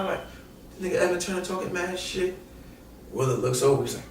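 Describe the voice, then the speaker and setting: With a high voice, a brisk pace and frequent pauses, a young man from New York tells animated, slangy, profane stories as a podcast guest, acting out the quotes. He played college basketball. His mic is set back in a roomy, echoey space with faint noise.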